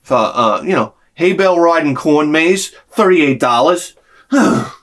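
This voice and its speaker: A man telling a personal story in an animated way, swearing freely and acting out the people in it. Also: fairly high pitch, unhurried. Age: adult with a young son. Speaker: video creator.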